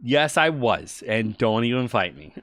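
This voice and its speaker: A woman's voice: extremely low pitch, big pitch swings, takes it slowly, no echo, soft background music. A woman from the United States running a tabletop game on a live stream, joking and teasing her players in casual chat. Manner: joking, teasing, self-deprecating. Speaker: game master.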